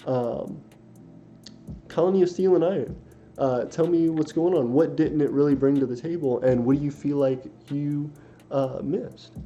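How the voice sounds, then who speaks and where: A man's voice: fairly high pitch, moderate pace, warm tone. A young man hosting a casual livestream, reading viewer comments aloud and answering them, rambling with many fillers and self-corrections. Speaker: livestream host. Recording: dull lo-fi stream audio with faint hiss.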